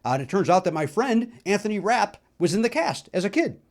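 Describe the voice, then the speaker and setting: Chatty middle-aged man, fairly high voice. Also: fairly quick. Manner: chatty, animated storytelling with many fillers. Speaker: podcast host. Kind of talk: solo musical nostalgia talk.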